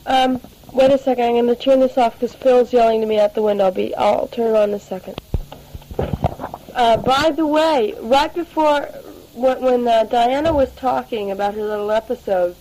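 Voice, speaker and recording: A woman's voice: a little high, moderate pace, mellow, slight background noise, poor audio. A teenage girl rambling through a spoken audio letter to her family, full of fillers and restarts, taped at home. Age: late teens. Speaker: letter writer.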